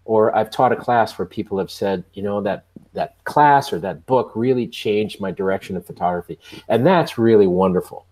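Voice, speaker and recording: Low-pitched guy on a photo podcast, blunt storyteller, acts out his own lines. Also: normal speed. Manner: animated anecdotes, quotes himself, blunt swearing. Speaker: photographer guest.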